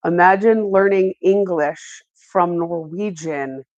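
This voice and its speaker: A woman co-hosts in easy conversation, listening closely and jumping in with her own stories. Her voice sits a little low, and the sound is dry and close. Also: takes it slowly, a little mellow, no room sound, muffled recording. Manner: engaged, responsive listener. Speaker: podcast co-host. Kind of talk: casual chat.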